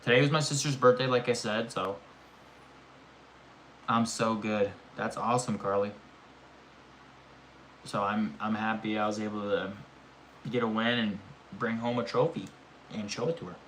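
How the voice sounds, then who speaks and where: A young man streaming live, telling a rambling, animated story in casual chat and swearing often. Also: on the low side, moderate pace, long pauses, slight background noise.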